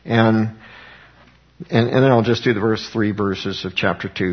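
A man teaching from the Bible in a conversational, earnest way, rising in pitch when he quotes scripture. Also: measured pace, long pauses, breathy edge, dull audio. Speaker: preacher.

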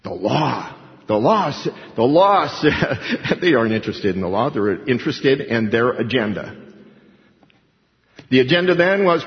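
Man, pastor; lively sermon delivery that acts out quoted voices; long hall reverb, muffled lo-fi sound. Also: medium pitch, a little slow. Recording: dull lo-fi recording with hall reverb.

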